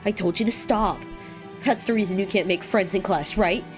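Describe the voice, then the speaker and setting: A woman's voice: medium pitch, moderate pace, faint music behind, natural voice. A woman voicing a harsh young mother in a clipped, scolding tone while reading a visual novel aloud.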